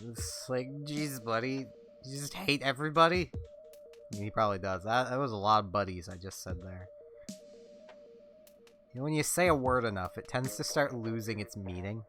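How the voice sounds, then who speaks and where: A man casually narrating his gameplay on a live stream. He rambles and jokes, often at his own expense, and keeps the talk loose and off the cuff. Game music plays clearly in the background. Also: on the low side, moderate pace, long pauses, a bit bright. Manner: rambling, jokey, self-deprecating.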